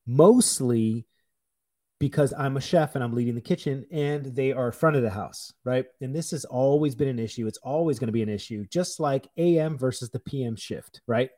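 Male chef in his 30s, blunt and profane, mellow dark tone. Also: mid-range voice, normal speed. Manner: blunt, profane, animated storytelling. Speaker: chef, podcast guest. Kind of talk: casual chat.

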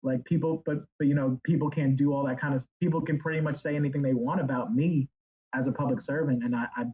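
A guest author talks in a loose, rambling way, getting animated and breaking into silly impressions. His voice is husky, and the audio sounds dull and muffled. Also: mid-range voice, fast talker. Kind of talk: casual chat.

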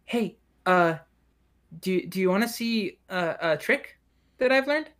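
Cheerful little elven girl, high and bubbly, put on by a male game master. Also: animated, takes it slowly, fairly bright tone, full character voice. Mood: eager.

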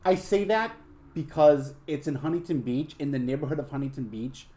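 A young podcast host with a fairly high, dark-toned voice spins crude tales at a moderate pace. The chat is casual, heavy on swearing, and full of fillers.

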